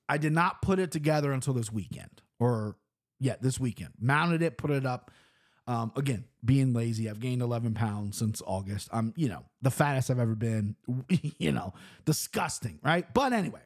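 A young man hosting a casual podcast monologue, brash and profane, swinging between loud outbursts and low mumbled asides. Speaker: podcast host.

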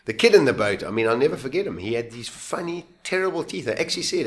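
A man's voice: on the high side, lively intonation, fairly quick, few pauses, sharp tone. A man in his fifties telling a survival story in an interview, acting out his own words and the voices of others as he goes. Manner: vivid, acts out his own lines and voices, laughs while telling. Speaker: guest. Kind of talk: animated storytelling.

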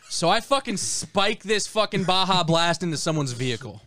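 A young man co-hosting a podcast, telling a story in animated, profane casual chat. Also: high voice, moderate pace, few pauses, noisy background. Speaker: podcast co-host.

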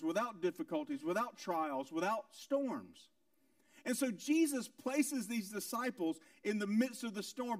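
A male pastor preaching a sermon with emphatic rhetorical questions and repeated phrases, moving between loud, high lines and quiet, low ones. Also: no room sound, studio quality, distant mic.

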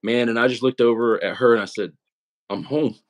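Speaking quickly in a mid-range voice with fairly even intonation, a young interview guest recounts his story. The testimony is casual and earnest, emotion showing, peppered with "man" and "right?"

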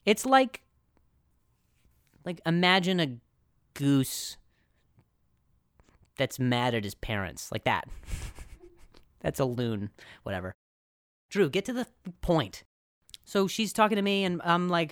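A man hosting a podcast, telling a comic story in an animated, self-deprecating way, laughing often and jumping into high put-on voices for quotes. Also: slow pace, long pauses, no room sound, studio quality. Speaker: podcast host. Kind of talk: comedic storytelling.

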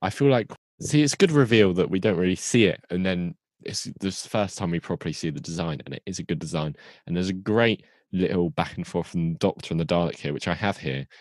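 Low-voiced man co-hosting a podcast. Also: a little fast, darkish tone, dry recording, clean studio sound. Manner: teasing, laughing easily. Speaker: podcast co-host. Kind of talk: casual chat about a TV show.

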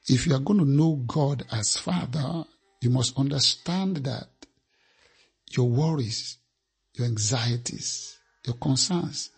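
Male preacher, emphatic and repetitive delivery, raspy tone, mid pitch. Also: a little mellow. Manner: emphatic, repeats phrases for effect. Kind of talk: sermon.

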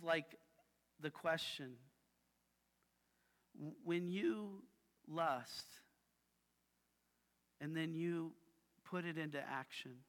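In a big, reverberant hall where his words ring with a long echo, a male pastor shares personal stories during his sermon. He is chatty and casual, often ending lines with "right?", and his voice is high, bright, and forward.

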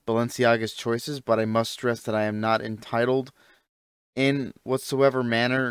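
Casting: male podcast co-host, smooth, clear voice, dry close sound, blunt and indignant. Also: mid-range voice, no echo. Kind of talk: casual chat.

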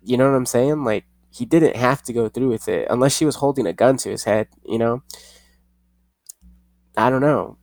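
A young podcast host with a medium-pitched, darkish voice rambles casually and swears, stumbling through news items and laughing at himself. There's no echo.

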